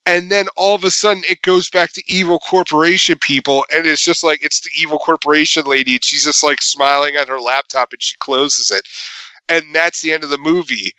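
A man with a slightly high, very bright voice rambles through a movie recap, leaning on fillers and breaking into laughs. The recording is dry and close. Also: steady tone, a little fast, clear, resonant tone, no room sound, low-quality recording. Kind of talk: casual movie recap chat.

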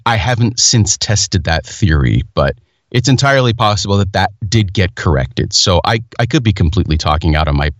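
A man's voice: low-pitched, lively intonation, a little fast, no room sound. A man hosting a casual chat, telling rambling stories with self-mocking humor.

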